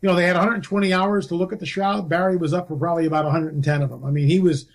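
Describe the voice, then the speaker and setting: Male guest researcher with a high voice, emphatic and impassioned in conversation. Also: fairly even intonation, very fast. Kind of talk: casual conversation.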